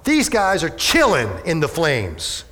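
Male pastor, sermon, animated, rhetorical questions, fairly high voice, long hall reverb. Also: slow pace.

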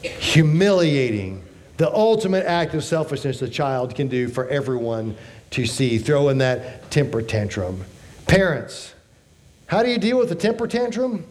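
A man's voice: a little high, very animated, a little slow, a little mellow. A man in his fifties preaching a sermon, emphatic, with rhetorical questions and joking asides. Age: 50s. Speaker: pastor.

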